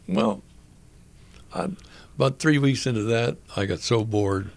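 An older man with a gravelly, creaky voice tells a story from his past as an interview guest. He speaks earnestly and reflectively at a middle pitch, often stopping to restart his sentences. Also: sing-song, darkish tone. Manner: halting, with frequent restarts and fillers. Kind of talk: personal storytelling in conversation.

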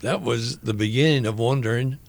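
An older man, a guest in an interview, telling a personal story earnestly and reflectively, halting with frequent restarts. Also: medium pitch, gravelly.

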